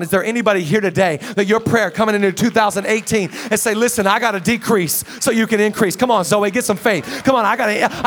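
High-voiced impassioned male pastor. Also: a bit bright. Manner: impassioned, urging the congregation. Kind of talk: sermon.

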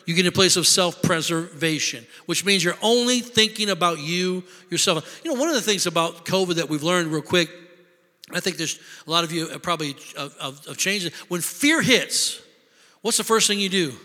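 A man preaching a sermon, telling stories with lively voices and shouted lines for emphasis. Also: high voice, moderate pace, big-room sound. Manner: animated storytelling, shouting for emphasis. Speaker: pastor.

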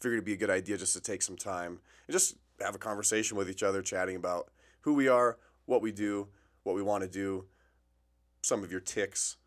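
A man with a fairly low voice co-hosts a casual podcast, keeping things loose and joking and tossing in "bro" and "dude" as he talks. He is recorded in a small office. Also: fairly even intonation, brisk. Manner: laid-back, joking, says "bro" and "dude". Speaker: podcast co-host. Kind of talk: casual chat.

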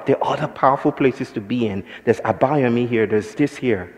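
A man giving a public talk, telling stories in a measured, philosophical way. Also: mid-range voice, a little mellow, lo-fi sound. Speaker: speaker. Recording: long hall reverb.

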